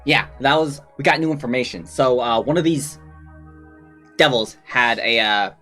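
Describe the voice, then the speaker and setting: A man's voice: medium pitch, normal speed, pushed and bright, faint music behind. A man playing his character in a tabletop game, speaking upbeat and in character. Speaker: player.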